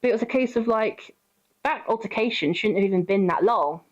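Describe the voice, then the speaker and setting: A woman's voice: medium pitch, a little fast, muffled recording. A woman streaming a game, telling a story in casual chat, swearing freely and answering her chat.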